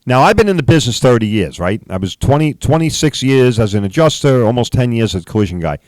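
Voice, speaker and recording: A man's voice: medium pitch, sing-song, quick pace, a little mellow, no room sound. A middle-aged man who hosts a podcast and tells a story in a profane, emphatic rant, often asking "right?". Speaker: podcast host, body shop owner.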